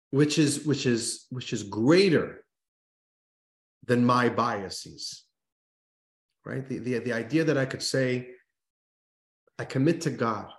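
A man's voice: medium pitch, slow pace, pauses often. A man, a rabbi, teaching a religious text class, telling a story and stressing points with emphatic repeated restarts. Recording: roomy echo.

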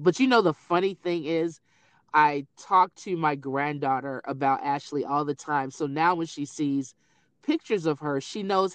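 A middle-aged woman in casual conversation, telling family stories in an animated way. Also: deep voice, moderate pace, no room sound. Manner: animated storyteller who acts out quoted voices. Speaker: grieving mother sharing memories.

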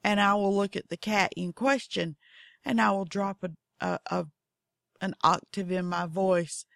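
A woman's voice: mid-range voice, fairly even intonation, moderate pace, gravelly, a bit bright, no echo, studio quality. A woman with a Southern accent hosting a podcast, telling goofy, folksy stories in casual monologue. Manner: goofy, folksy, acts out her cats in voices. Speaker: podcast host.

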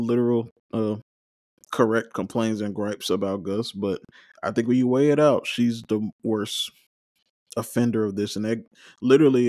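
A man's voice: mid-range voice, darkish tone, no room sound, clean studio sound. A man hosting a watch-along recap, talking casually and giving his opinions at length. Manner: conversational, opinionated, rambling with fillers. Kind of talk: casual solo recap commentary.

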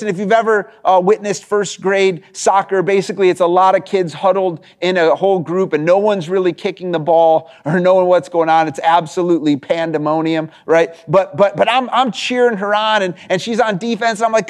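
A man's voice: sits high, normal speed, few pauses. A man in his thirties, a pastor giving a sermon in a conversational storytelling way, full of restarts and asides asking "right?".

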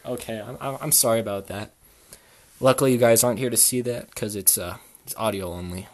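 A man hosting an improvised comedy podcast, talking deadpan and mock-sincere with halting restarts. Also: fairly low pitch. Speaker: podcast host.

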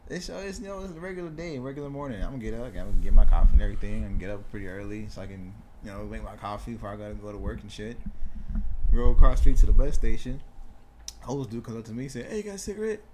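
A man's voice: lowish voice, racing, background noise. A young man telling a story in casual podcast chat, acting out the voices of the people in it, with plenty of swearing. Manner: animated, acts out voices in stories, profane.

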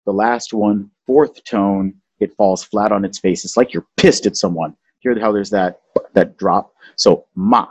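Husky low-voiced man, playful teacher. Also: measured pace, darkish tone, no echo, low-quality recording. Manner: playful, teaching, sings out tones. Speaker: podcast host. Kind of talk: casual chat, explaining language.

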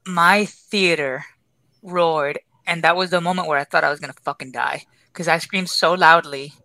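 A woman's voice: low-pitched, normal speed, pushed and bright, no echo. Gushing woman on a dry mic. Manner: gushing, emphatic, heavy swearing. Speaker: podcast co-host. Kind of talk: casual chat.

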